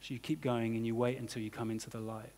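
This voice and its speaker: A man's voice: medium pitch, little pitch movement, quick pace, a little mellow, slight background noise. A man preaching a sermon as pastor, talking in a loose conversational way full of "you know" and "kind of". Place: church hall. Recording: church hall reverb.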